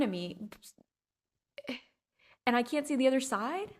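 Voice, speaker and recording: A woman's voice: high voice, very animated, measured pace, pauses often. Rambling, playful woman hosting a podcast. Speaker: podcast host. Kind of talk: casual solo chat. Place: at home.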